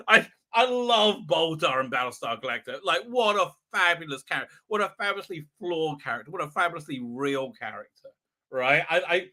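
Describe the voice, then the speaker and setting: A man hosts a live stream, recapping an episode in a rambling, sarcastic way. He leans heavily on fillers and repeats himself. His voice is very bright and sharp, and it sits a little high. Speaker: host.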